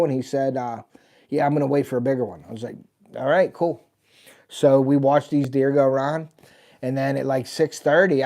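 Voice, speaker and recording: A middle-aged man hosts a livestream, recounting a day in the deer stand in a loose, rambling storyteller's way. His voice sits at an ordinary pitch but sounds mellow and dark, and he fills the gaps with easy "and, uh" fillers. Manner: rambling, folksy, lots of "and, uh". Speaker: host of a hunting channel.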